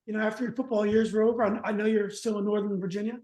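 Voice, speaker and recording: A male podcast host with a very high voice talks fast and friendly. His questions ring out in a roomy, echoing space. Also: flat delivery, darkish tone. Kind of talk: casual interview.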